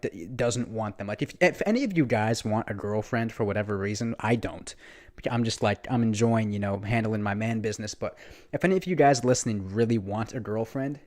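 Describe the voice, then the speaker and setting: A young man vlogging, telling a casual story in a rambling, animated way, full of restarts and swearing. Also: on the low side.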